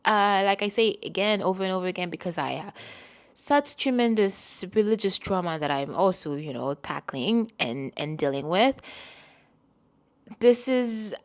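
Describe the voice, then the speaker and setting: A woman's voice: mid-range voice, lively intonation, moderate pace. Rambling, laughing woman astrologer. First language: French. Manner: rambling, self-correcting, laughing often. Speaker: astrologer and podcast host. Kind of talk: casual monologue.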